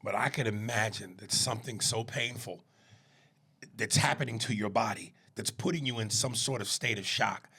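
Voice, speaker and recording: Gravelly, husky-voiced male podcast co-host. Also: lowish voice, normal speed, pushed and bright. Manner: frequent "right" agreements, reflective. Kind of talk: casual chat.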